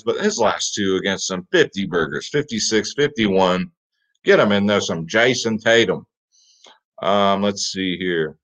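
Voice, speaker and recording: On the low side and a bit bright, this man's voice carries a fantasy sports picks show. He talks casually and with energy, repeating "guys" and "get him in there," and the lo-fi recording sounds slightly dull.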